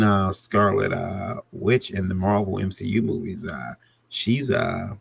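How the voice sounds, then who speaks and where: A man with a very low, gravelly, husky voice talks shop about writing comics. He rambles loosely, full of "um"s and restarts, and chuckles now and then. The sound is dry and close. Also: fairly bright tone, no echo. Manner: rambling, many fillers and restarts; chuckles often. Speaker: comic creator, podcast co-host. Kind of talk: casual discussion.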